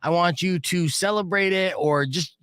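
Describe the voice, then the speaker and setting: A man hosting a radio show in a studio, animated and joking, swearing casually. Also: high voice, normal speed, clear, resonant tone, dry recording. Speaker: radio host. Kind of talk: morning radio banter. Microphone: studio microphone.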